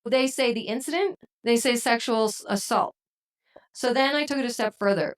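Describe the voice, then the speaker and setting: Woman, podcast co-host, casual discussion, measured, deliberate. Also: fairly high pitch, low-quality recording.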